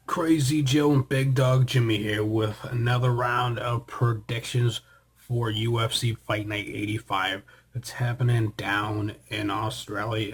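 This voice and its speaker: A man's voice: medium pitch, slightly rough. A man hosting a casual fight prediction show, chatty and rambling, with joking asides to his co-host.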